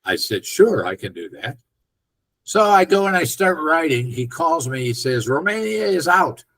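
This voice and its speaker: A man's voice: a little high, moderate pace, low-quality recording. An older man and film director, a guest on an interview, casually telling a long anecdote and acting out the lines of the people in it. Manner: animated storyteller who acts out quoted dialogue.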